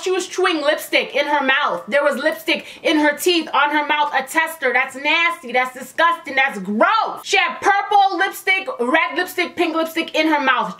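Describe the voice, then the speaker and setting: A woman vlogger telling a work story in a casual, animated, emphatic way, often repeating phrases for effect. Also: sits high.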